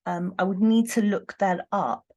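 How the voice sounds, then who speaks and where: A woman's voice: medium pitch, fairly even intonation, moderate pace, a little mellow. Hesitant woman reading tarot cards. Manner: thoughtful, hesitant, many ums and restarts. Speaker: tarot reader. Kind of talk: casual tarot reading monologue.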